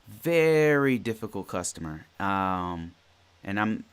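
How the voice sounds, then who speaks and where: A podcast host in his forties speaks slowly in a fairly low, very animated voice with a clear, resonant tone. In casual solo talk, he tells a rambling work story, often repeating and restarting phrases.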